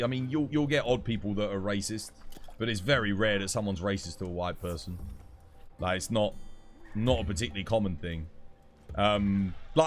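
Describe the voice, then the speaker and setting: A man with a London accent chatting casually while streaming a game, rambling with frequent restarts. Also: lowish voice. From England. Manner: rambling, relaxed, lots of "like" and restarts. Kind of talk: casual chat while gaming.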